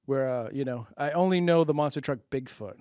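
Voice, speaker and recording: A man's voice: mid-range voice, a little fast, darkish tone, smooth, dry recording, clean studio sound. Rambling, self-mocking comedy host, man. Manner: self-deprecating, laughs at own jokes, checks if jokes land; loose, rambling, many fillers. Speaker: host of a public-access comedy show. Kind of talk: rambling comic monologue.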